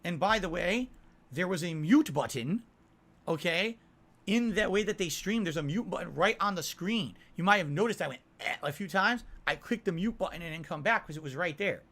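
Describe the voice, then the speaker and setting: Bright high-voiced man chatting to viewers. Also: expressive, moderate pace. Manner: defensive, talks to chat with frequent "right?". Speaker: streamer answering chat. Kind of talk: casual livestream chat.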